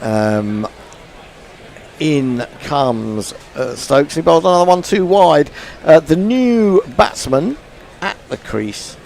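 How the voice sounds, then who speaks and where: A man's voice: fairly high pitch, lively intonation, takes it slowly, gravelly, a little mellow, slight background noise. A man doing ball-by-ball cricket commentary, chatty with dry humour.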